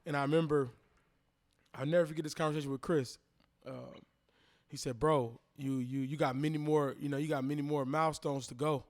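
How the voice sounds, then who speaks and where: Podcast guest, man in his 30s, slightly high voice, lively storyteller who acts out quotes. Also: a little fast. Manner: animated, acts out quoted voices, repeats phrases. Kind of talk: casual storytelling interview.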